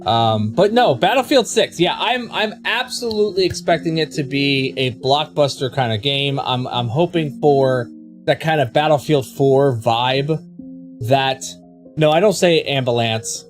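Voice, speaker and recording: A man's voice: a little high, lively intonation, measured pace, faint music behind. A man with a Baltimore accent chatting casually with viewers on a live game stream, rambling and repeating words as he restarts his thoughts. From Baltimore, USA.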